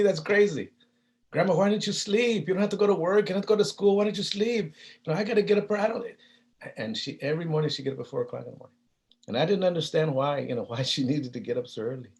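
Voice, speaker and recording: A man's voice: medium pitch, darkish tone. Humble storytelling man at a keynote. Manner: hesitant, with many fillers and restarts. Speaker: keynote speaker.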